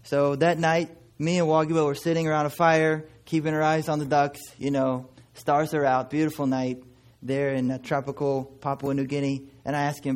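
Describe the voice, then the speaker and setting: A man's voice: a little high, little pitch movement, normal speed. Folksy storytelling man preaching. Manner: folksy, anecdotal, conversational. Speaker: missionary preacher. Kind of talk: sermon storytelling.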